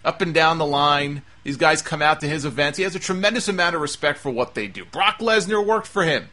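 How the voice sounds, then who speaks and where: A man's voice: a little high, brisk, pushed and bright. A man hosting a talk show, delivering an emphatic, exasperated opinion monologue. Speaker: wrestling talk show host.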